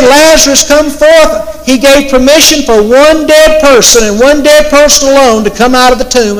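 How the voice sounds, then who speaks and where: Man, preacher, sermon, emphatic slow delivery, very high voice, long hall echo. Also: a bit bright. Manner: slow, emphatic Bible preaching with quoted scripture.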